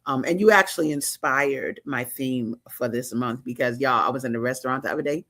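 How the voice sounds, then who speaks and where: A woman hosting an interview show, exuberant and slangy, talking in fast bursts. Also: a bass voice, fairly bright tone. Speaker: talk show host. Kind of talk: lively interview chat.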